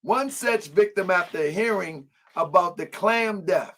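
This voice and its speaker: A man's voice: high-pitched, unhurried, a bit bright. A man hosting an online show, reading aloud and reacting in casual slang with frequent laughter.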